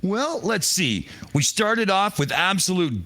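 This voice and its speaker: A man's voice: high-pitched, animated, a little slow, pushed and bright. A man speaking on a casual online panel, wry and sardonic, swearing as he sums things up.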